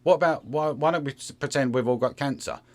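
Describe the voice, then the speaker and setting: In a casual interview chat, a man with a medium-pitched voice talks fast, sounding sarcastic and animated and now and then slipping into mocking voices.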